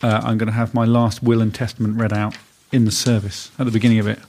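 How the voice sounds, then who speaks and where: A man hosting a comedy music podcast in a studio, rattling through absurd bits with a deadpan manner. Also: lowish voice, fast, slight background noise. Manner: deadpan, rambling absurd jokes. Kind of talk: comic banter in a music podcast. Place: recording studio.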